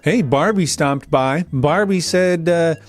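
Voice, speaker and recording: A man's voice: fairly high pitch, takes it slowly, faint music behind. A man in his forties hosting a comedic commentary show, reading viewer comments aloud and mocking them sarcastically. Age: 40s. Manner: sarcastic, mock-voices commenters. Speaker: host.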